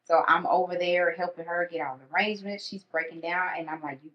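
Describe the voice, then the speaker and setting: A woman's voice: fairly low pitch, fairly even intonation, brisk. Candid woman in an echoey room. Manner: candid storytelling, acts out her own inner thoughts. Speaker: podcast guest. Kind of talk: casual conversation. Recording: echoey dull room sound.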